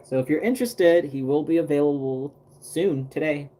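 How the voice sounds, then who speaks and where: A man's voice: on the high side, normal speed, mellow. A man chatting casually on a livestream while he paints a doll, rambling with lots of fillers and restarts.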